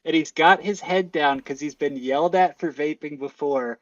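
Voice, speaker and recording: A man co-hosting a casual podcast, retelling scenes in an animated, slangy way. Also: a little high, moderate pace, a little hiss or hum. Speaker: podcast co-host. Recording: dull, distant mic.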